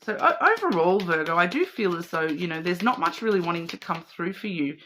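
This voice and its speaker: A woman's voice: fairly low pitch, big pitch swings, a little fast, a bit bright, slight background noise. A woman with an Australian accent doing a casual card reading, rambling with many fillers and restarts. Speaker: card reader.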